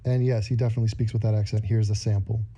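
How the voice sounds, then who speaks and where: A man's voice: on the low side, little pitch movement, very fast, warm tone. A man hosting a casual video, giving sarcastic, jokey commentary on clips. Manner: mocking, jokey asides. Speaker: host reacting to clips.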